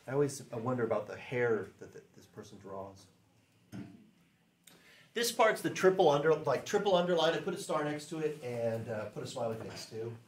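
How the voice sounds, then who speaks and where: Guy teaching a class, laid back, says stuff slow so kids can repeat, roomy echo. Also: medium pitch, slight background noise. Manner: casual, repeats phrases slowly for class to echo. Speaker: language teacher.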